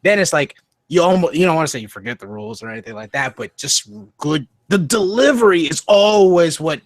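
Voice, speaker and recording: A man co-hosting a casual wrestling podcast, excitable and jokey, swearing and mimicking wrestlers as he talks. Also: on the high side, a little fast, no echo. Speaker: podcast co-host.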